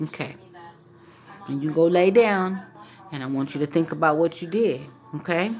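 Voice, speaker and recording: A woman's voice: low voice, moderate pace, pauses often, darkish tone. A woman vlogger talking casually to the camera in a teasing, mocking, playful way.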